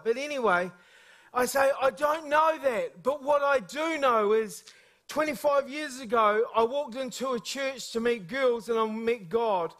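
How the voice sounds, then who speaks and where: A guest preacher delivers a sermon full of humorous stories, lively and energetic despite speaking a little slowly. His voice sits notably high for a man, and he performs like an animated storyteller before a congregation.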